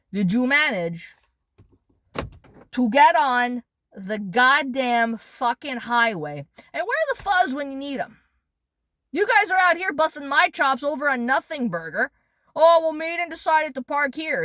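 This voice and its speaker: A woman's voice: high voice, very animated, measured pace, bright, forceful tone, no echo. A woman rants in a vlog, blunt and sarcastic, swearing often. Her voice sounds dry and close, with no room around it. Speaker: vlogger. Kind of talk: angry profane rant.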